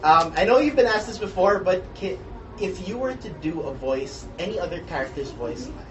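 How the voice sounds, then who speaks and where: A woman interviewer asking friendly, lively questions at a convention. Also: fairly low pitch, moderate pace, lo-fi sound. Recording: distant mic, noisy convention.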